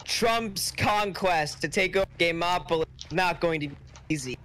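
A man's voice: sits high, moderate pace, sharp tone, a little hiss or hum. A young man reading fan fiction aloud to friends on a voice call, breaking off with joking asides. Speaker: reader.

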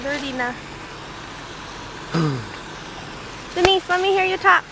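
Slow and extremely high-pitched, with big swings in pitch, a woman sing-songs encouragement to her young child beside a pond on a cold day. She's a mother capturing home video on a handheld camcorder, and the noisy outdoor recording picks up nearby traffic.

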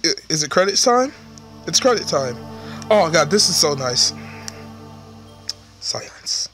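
A man's voice: fairly high pitch, very animated, measured pace, pushed and bright, soft background music. A man hosting a let's play, giving sarcastic, joking commentary over gameplay.

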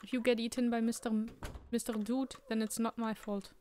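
A woman's voice: on the high side, flat delivery, brisk, darkish tone. A woman giving casual, jokey commentary while playing a horror game, talking to the characters on screen. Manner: chatty, jokey, talks to the game. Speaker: let's play streamer.

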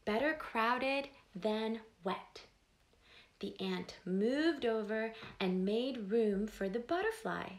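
A woman slowly reading a picture book aloud to young children, pausing to ask them questions. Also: medium pitch, vocal fry. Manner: slow, gentle, asks the children questions. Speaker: storyteller host.

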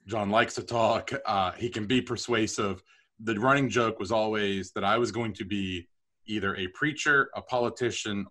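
A middle-aged man telling stories about his career as a podcast guest, chatty and animated with self-deprecating humor. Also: lowish voice. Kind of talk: storytelling interview.

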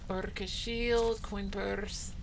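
A woman's voice: mid-range voice, level tone, drawn-out words, gravelly, slight background noise. A woman giving casual, profane running commentary while streaming a video game, playfully meowing between comments. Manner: profane, playful, talks to herself.

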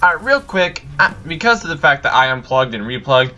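Bright, lively gaming host, rambling let's-play chatter, faint game music. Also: male voice, medium pitch, brisk. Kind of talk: casual let's-play commentary.

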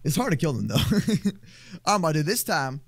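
A man's voice: on the high side, big pitch swings, moderate pace, vocal fry, no room sound. A man joking around during casual gameplay commentary with a friend, tossing out playful mock trash talk. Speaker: gaming YouTuber.

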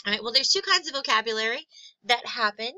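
A woman lecturing on psychology in a recorded class, filling pauses with many ums and restarting words. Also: fairly high pitch, animated, bright, forceful tone, dry recording, rough recording. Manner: frequent ums, halting restarts. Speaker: psychology instructor.

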